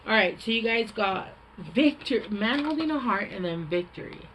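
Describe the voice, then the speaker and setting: A woman does a casual tarot reading, speaking bluntly with plenty of swearing, fillers and rambling asides. Her fairly high voice is lively and a bit bright, at a moderate pace. The recording is low quality, with slight background noise.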